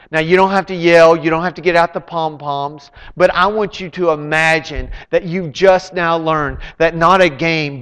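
A man with a high, smooth, resonant voice delivers an impassioned sermon, leaning on slow, deliberate phrasing. His words ring out with the long echo of a large church sanctuary. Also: fairly bright tone. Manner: impassioned, slow and emphatic preaching. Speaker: pastor. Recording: long reverb of a large hall.

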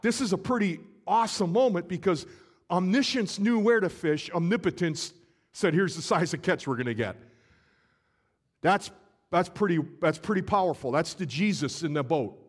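A man preaching a sermon, retelling a scene and acting out the voices in it with shifting energy. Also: high voice. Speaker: pastor.

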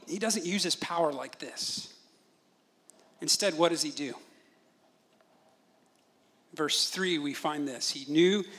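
A man in his thirties preaches with a high, ringing voice. His sermon is animated and full of storytelling, and he briefly acts out other people's voices as he goes. He sounds bright and forward. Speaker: pastor.

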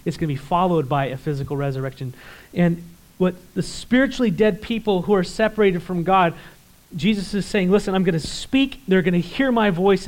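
A male pastor preaching a sermon, emphatic, swinging between loud urgency and quiet intensity, and putting rhetorical questions to the congregation. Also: a little high, poor audio.

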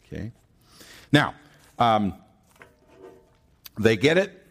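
A man preaching a sermon, teaching from scripture with rhetorical questions and frequent check-ins with the congregation. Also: fairly high pitch. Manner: animated preaching, slow and deliberate with drawn-out words. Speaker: pastor.

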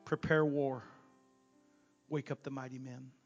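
A man preaching a revival sermon as a guest preacher in a church. He swings from loud shouting peaks down to quiet asides. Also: medium pitch, little pitch movement, unhurried, muffled recording, soft background music. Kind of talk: Pentecostal sermon. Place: church sanctuary.

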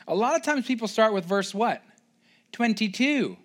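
A young adult male pastor preaching a sermon, emphatic and playful, building to loud excited stretches and tossing in joking mock voices. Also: high-pitched, normal speed.

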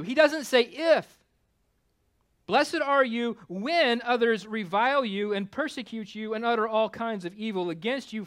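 A male pastor preaching a conversational sermon with self-deprecating humor, climbing louder for emphasis and dropping low for asides. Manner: rises in pitch and volume for emphasis, drops low for asides.

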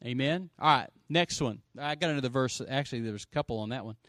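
A middle-aged pastor preaching an energetic sermon, swinging from loud bursts to hushed stretches and calling for amens. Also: male voice, medium pitch, quick pace, no room sound, studio quality. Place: church sanctuary.

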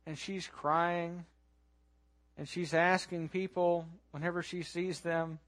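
Male preacher, high voice, dramatic storytelling sermon with hushed lows and loud peaks. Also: fairly even intonation, slow. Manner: asks listeners to imagine the scene.

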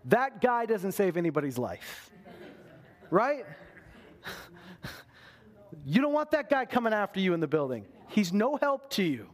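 A man's voice: moderate pace, pauses often. A man preaching a sermon, talking straight to his listeners and jumping into panicked voices when he acts out a scene. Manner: animated, acts out panicked voices with big pitch swings. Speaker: pastor.

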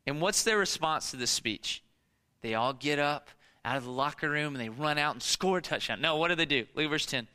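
A man preaching a sermon, animated and conversational, with casual fillers and rhetorical questions. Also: fairly high pitch, brisk, clear, resonant tone, big-room sound. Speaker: pastor.

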